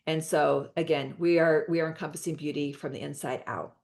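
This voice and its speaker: A woman's voice: low voice, fairly even intonation, a little fast, gravelly, a little mellow. An American woman hosting a product presentation on a video call, chatty and upbeat, with many fillers and restarts. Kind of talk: enthusiastic product pitch.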